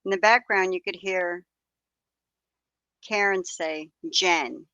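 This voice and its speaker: Older woman, true-crime commentary host, slow delivery, bright voice, dry close sound. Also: medium pitch, clean tone, dry recording, lo-fi sound. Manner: earnest, reads transcripts aloud, slow deliberate delivery. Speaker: video host.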